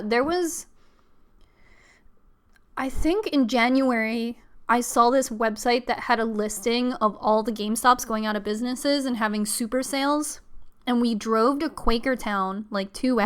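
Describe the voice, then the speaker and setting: A young woman hosts a casual live stream, her voice smooth and clear and sitting a little high. She rambles from one thing to the next with plenty of fillers and light laughs. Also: normal speed. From Pennsylvania, US.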